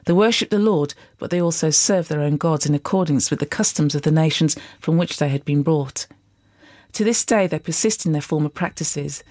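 A reader works through scripture at a steady, even pace in a mid-range voice. The sound is dry and close to the mic. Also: medium pitch, dry recording. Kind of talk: scripture reading.

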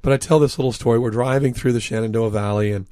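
A man's voice: medium pitch, fairly even intonation, fast talker, dark tone, no echo. A man, an author and interview guest, telling anecdotes in an earnest, reflective way. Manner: reflective, earnest, recounts dialogue.

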